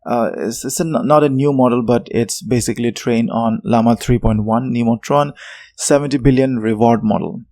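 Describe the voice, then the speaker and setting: Male tech tutor, mid-pitched, loose explainer delivery with lots of "uh"s, dry close mic. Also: moderate pace, dark tone, no room sound. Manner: unscripted, many fillers and self-corrections.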